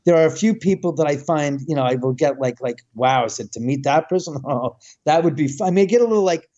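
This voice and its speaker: A man telling a long, rambling story in casual chat, animated and swearing freely. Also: a little high, fast, dry recording, dull audio. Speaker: guest, house owner.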